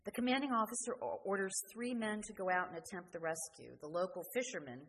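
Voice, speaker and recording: A woman preaching a sermon, earnest and questioning, often letting her sentences fall quiet at the end. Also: medium pitch, fast talker. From New Jersey. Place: church. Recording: church hall reverb, faint noise.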